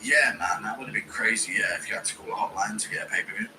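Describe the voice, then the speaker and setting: A man with an animated, fast-moving voice hosts a fight watch-along stream against background noise. He keeps things casual and crude, reading donations, joking, and breaking into squealing high-pitched impressions.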